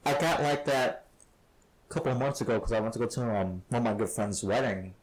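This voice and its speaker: A man's voice: mid-range voice, brisk, background noise. Male podcast co-host, casual storyteller, frequent laughs. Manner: laughs often while telling stories.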